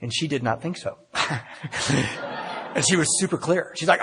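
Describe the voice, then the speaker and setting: Middle-aged man, meeting speaker, husky slightly high voice, self-deprecating storyteller, reverberant hall. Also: animated, normal speed, pauses often, fairly bright tone. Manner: storytelling, self-mocking humor, acts out dialogue. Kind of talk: personal recovery talk at a meeting.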